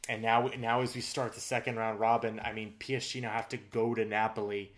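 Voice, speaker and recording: A man's voice: lowish voice, level tone, fairly quick. A man co-hosting a casual sports podcast, recapping match results in a rambling way with lots of fillers. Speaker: podcast co-host.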